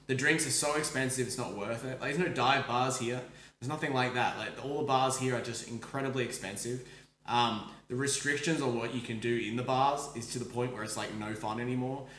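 An Australian man hosting a podcast, telling a story in fast casual speech full of likes, swearing and restarts. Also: medium pitch, steady tone, a bit bright, reverberant. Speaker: podcast host. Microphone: streaming microphone.

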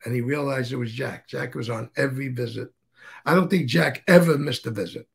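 A man's voice: mid-range voice, a little fast, creaky. A man as an interview guest, telling stories casually in a rambling way, swearing freely and restarting sentences.

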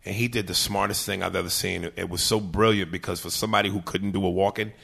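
A man talking as a podcast guest in casual chat, animated and laughing as he trades movie impressions. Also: low voice, fast talker, creaky, slightly rough.

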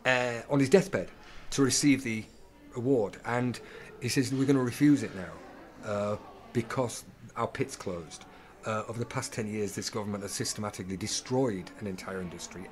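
A middle-aged man, a guest actor chatting casually and acting out quoted voices as he tells stories. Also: mid-range voice. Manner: animated storyteller, acts out quoted voices, laughs often. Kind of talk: casual anecdotal chat.

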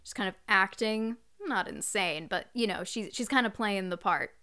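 A woman's voice: medium pitch, normal speed. A young adult woman vocal coach, chatting through a live-streamed singing lesson and singing short phrases to demonstrate.

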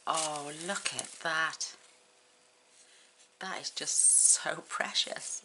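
A woman's voice: deep voice, steady tone, drawn-out words, long pauses. A woman hosting a crafting channel, chatting casually and gushing with effusive exclamations as she unboxes mail. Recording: noisy room with paper crinkling.

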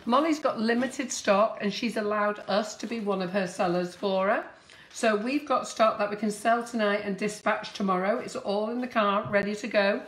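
A woman's voice: mid-range voice, normal speed. A woman hosting a casual live stream from her shop's kitchen, chatty and teasing. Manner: chatty, teasing, laughs often.

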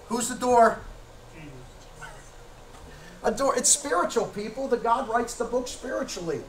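A man preaching a sermon as pastor, emphatic, firing rhetorical questions at the congregation and shouting at times. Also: high voice, a little hiss or hum. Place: church sanctuary. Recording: echoey church from a distance.

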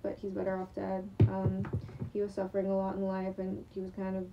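A woman's voice: mid-range voice, completely flat delivery, a little fast, highs cut off, very noisy. A young woman rambling in a late-night monologue, sleep-deprived, with many fillers, restarts and casual swearing. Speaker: vlogger. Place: room at home at night. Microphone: screen recording on computer.

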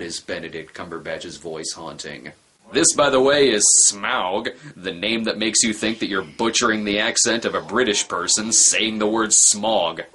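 A man's voice: fairly low pitch, sharp tone, breathy edge. A man giving sarcastic, wisecracking comedic commentary on a movie he is reviewing. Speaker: film review host.

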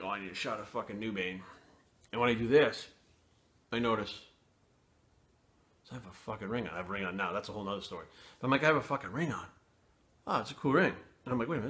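A man's voice: mid-range voice, racing. A middle-aged man telling a rambling, profane personal story in a casual vlog. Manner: profane, rambling, animated retelling. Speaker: fitness channel host.

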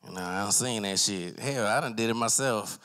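Young guy w an aave rambling thru a standup set, lowish forceful voice. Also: fairly quick, clear, resonant tone. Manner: loose, rambling, acts out characters in loud voices. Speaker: stand-up comic. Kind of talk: open mic stand-up set. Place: small arts center stage with a live audience.

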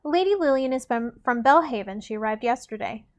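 Woman reading a teasing young crown prince, playful, dramatic, somewhat high voice, storybook reading. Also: expressive, a little fast. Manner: playful, dramatic, read aloud.

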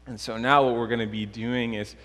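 A man preaching as a pastor, unhurried and pausing often with fillers, praying and reading scripture in a church. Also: mid-range voice, steady tone, bright, forceful tone. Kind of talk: sermon with prayer and scripture reading. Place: church sanctuary. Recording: long church reverb.

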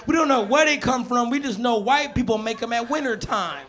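A man's voice: very high-pitched, animated, brisk. A man from Atlanta doing a brash, cocky stand-up set, teasing the crowd. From Atlanta, USA. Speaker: stand-up comedian. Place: comedy stage. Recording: live club with loud crowd and noise.

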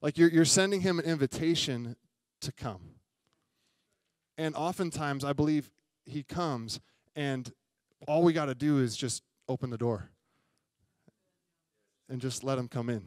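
This young adult man is a pastor giving a sermon in a church sanctuary, narrating a story conversationally and frequently questioning the congregation. He speaks a little slowly in a mid-range voice, with no echo.

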